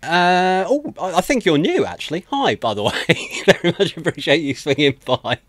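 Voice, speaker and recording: Greeting stream viewers one by one, a man chats casually from close to a desk microphone, frequently laughing, thanking people and making fun of himself. His voice is a little high and fairly bright, sing-song at normal speed, in a dry recording.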